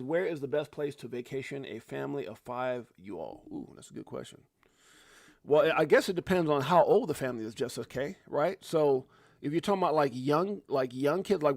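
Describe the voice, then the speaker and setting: A man's voice: mid-range voice, dry recording. Easygoing male livestream host, forties, conversational, dry mic. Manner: laid-back, chatty, calls viewers bro and fam. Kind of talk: casual live chat reading viewer comments.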